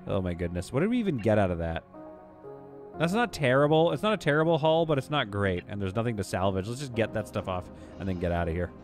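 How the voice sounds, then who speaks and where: A man's voice: fairly low pitch, sing-song, fast talker, soft background music. A man streaming a game live, giving exasperated, self-mocking play-by-play commentary with sudden outbursts.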